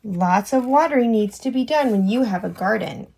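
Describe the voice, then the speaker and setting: Reading a farm picture book to children, this woman teacher has a fairly high, animated voice, creaky and breathy with a darkish tone. She goes slowly in a sing-song way, acting out animal and machine noises, and asks the child questions, to spot things on the page, and to push buttons.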